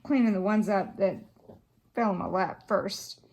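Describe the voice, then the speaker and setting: A woman's voice: mid-range voice, unhurried, darkish tone. A woman, chatting casually to a camera on a stand while she crafts, rambling and swearing freely. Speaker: craft vlogger.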